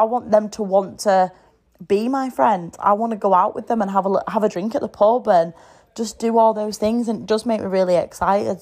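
A mid-range, slightly mellow voice comes from a woman in her thirties with a British English accent. She hosts a casual solo podcast from home, chatting frankly and swearing freely.

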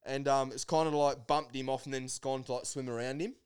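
A man telling a story in casual conversation, his voice smooth and clear at an ordinary pitch. He gets animated as he goes, laughing and trailing off in fillers. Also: fast talker. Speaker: podcast guest.

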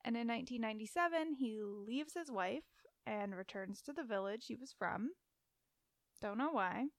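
Casual woman podcast co-host, higher pitch, giggly storyteller, dry close sound. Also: expressive, moderate pace, no room sound. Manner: giggly, chatty, stumbles over names.

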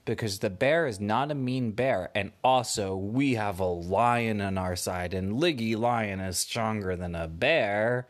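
A man's voice: a little slow, few pauses, close to an everyday voice. A man voicing a small, kind female salamander in a bedtime story, talking in a raised, reassuring voice. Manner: high, bright, reassuring.

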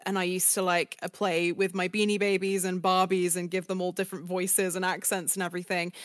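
In clean, dry studio sound, a twenty-nine-year-old woman with a medium-pitched, fairly bright voice chats as a guest. A voice actor, she's giggly and full of fillers in this casual interview.

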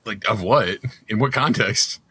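A man co-hosting a casual comedy podcast, trading quick crude jokes. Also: lowish voice, pushed and bright, husky, no room sound. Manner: jokey, quick with crude punchlines. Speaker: podcast co-host.

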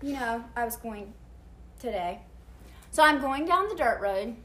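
A woman, animated and laughing as she tells a story in casual podcast chat. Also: fairly high pitch, unhurried, reverberant, a little hiss or hum. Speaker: podcast co-host.

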